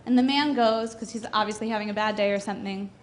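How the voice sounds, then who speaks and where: A young woman performing a stand-up comedy set on a club stage into a handheld mic, with a hesitant, deadpan delivery full of fillers. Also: medium pitch, fast talker. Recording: noisy live club recording.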